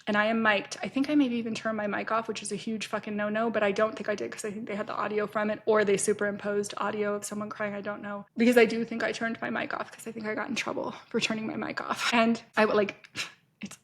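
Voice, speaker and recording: A woman's voice: mid-range voice, flat delivery, fast. A woman in her fifties hosting a podcast, telling a story bluntly in a casual, profane, self-interrupting monologue. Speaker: podcast host.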